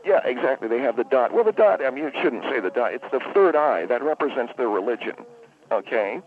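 A man's voice: mid-range voice, lively intonation, brisk. A man calling in as a spa owner on a comedic radio phone-in, rambling, stammering and correcting himself as he talks. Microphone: telephone. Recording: tinny phone line.

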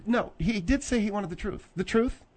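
A man's voice: sits high, a little mellow, voice pushed up. Margaret, a man playing a bossy, domineering woman. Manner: commanding, slow and prim, snapping orders. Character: bossy domineering middle-aged woman caller, scolding. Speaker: radio show guest. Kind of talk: comedic radio character acting.

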